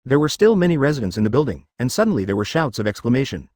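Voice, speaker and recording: Guy reading a web novel out loud, bouncy pitch, dead dry sound. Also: sing-song, racing, no echo. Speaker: narrator. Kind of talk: read-aloud web novel narration.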